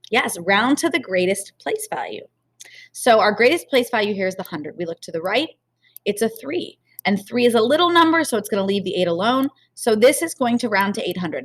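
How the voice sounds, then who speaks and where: A woman's voice: medium pitch, fairly bright tone. A woman teacher giving a recorded math lesson to children, patient and encouraging, talking straight to her students.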